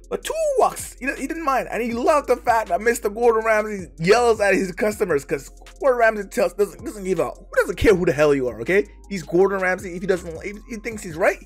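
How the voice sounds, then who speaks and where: A man hosting a reaction video, chatting casually and tossing in man a lot. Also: sits high. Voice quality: laid-back, says man a lot.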